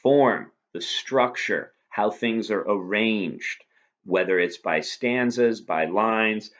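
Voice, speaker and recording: A man with a fairly low voice gives a recorded lesson. He talks patiently and keeps posing rhetorical questions. The recording sounds dull and lo-fi. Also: slow, fairly bright tone. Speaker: teacher. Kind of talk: recorded lecture review.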